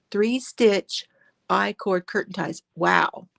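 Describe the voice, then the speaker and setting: Slow-talking woman chatting on a livestream. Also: medium pitch, vocal fry. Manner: chatty, greets viewers by name, laughs often. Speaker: crochet livestream host. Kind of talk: casual livestream chat. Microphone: phone.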